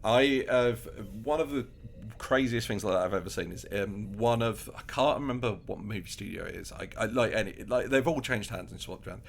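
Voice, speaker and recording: A man's voice: on the low side, a little fast, vocal fry, slight background noise. Man chatting animatedly on a podcast. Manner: animated, acts out quotes, many restarts. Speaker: podcast co-host. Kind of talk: casual chat.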